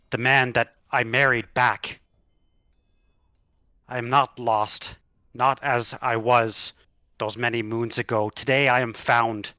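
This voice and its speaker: A man voicing a sorrowful undead male knight who pleads with his lover in a solemn, halting way. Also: medium pitch, bright, forceful tone, no room sound, dull audio. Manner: solemn and halting, stammers with emotion.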